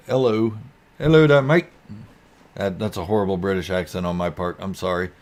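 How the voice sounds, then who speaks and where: A man hosting a live stream, chatting casually and reading out viewer comments in a goofy, easygoing, rambling way. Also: low voice.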